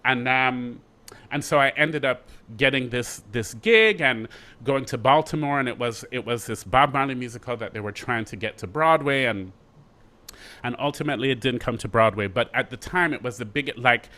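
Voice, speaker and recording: The speaker, an actor guest, is a middle-aged Jamaican man whose voice sits at medium pitch. Being interviewed, he narrates his story animatedly, with quick asides and frequent restarts.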